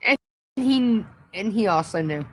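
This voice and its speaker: A woman's voice: mid-range voice, lively intonation, a little slow, poor audio. A woman hosting a casual livestream, swearing freely and laughing helplessly between lines. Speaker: livestream host. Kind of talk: casual live-stream chat.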